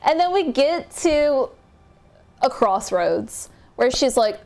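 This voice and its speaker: A young woman chats straight to camera, telling a long story in a casual vlog. She talks in an animated, unfiltered way, cursing and laughing often. Her voice sits a little high for a woman. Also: takes it slowly. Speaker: vlogger.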